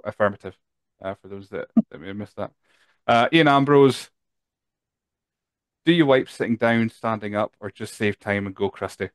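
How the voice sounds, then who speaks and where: A man's voice: lowish voice, normal speed, long pauses, clear, resonant tone, no echo. A Scottish man hosting a podcast, chatty and tired, reading out listener questions with lots of fillers. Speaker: podcast host. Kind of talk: casual chat.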